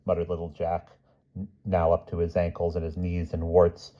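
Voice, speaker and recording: Brief: male storyteller with a deep, warm voice, savoring every list, on a muffled recording. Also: monotone. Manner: measured, relishing word lists. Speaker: audiobook reader. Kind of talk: storybook reading aloud.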